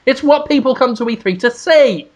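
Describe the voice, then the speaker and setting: Male co-host, high-pitched, animated comic storyteller who breaks into shouts. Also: normal speed, highs cut off. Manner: animated, sweary, bursts into shouted mock proclamations. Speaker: podcast co-host. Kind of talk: casual comedic storytelling.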